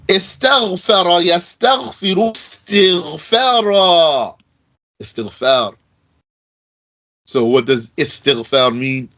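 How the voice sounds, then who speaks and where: A man teaching an Arabic grammar lesson in a casual way, slowly repeating verb forms aloud with fillers like "you know". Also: medium pitch, fairly bright tone, rough recording. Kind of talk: recorded lesson.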